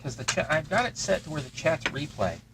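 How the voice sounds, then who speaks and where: A man's voice: a little high, sing-song, brisk, background noise. A man hosting a crafting livestream, casually narrating each step of his work as he thinks aloud at his workbench. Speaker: host of a terrain-crafting livestream.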